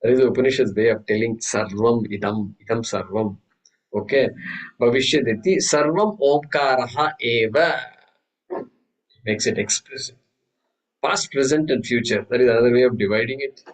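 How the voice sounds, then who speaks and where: A man's voice: medium pitch, normal speed, low-quality recording. Man teaching a scripture class. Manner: storytelling with many restarts and Sanskrit chanting. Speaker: Vedanta teacher. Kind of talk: spiritual class lecture.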